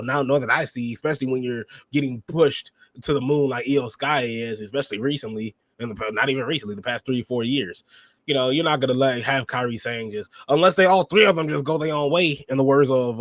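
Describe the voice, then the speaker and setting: A man hosting a podcast, recapping wrestling in an animated, rambling way and acting out quotes. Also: medium pitch, dry recording. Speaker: podcast host.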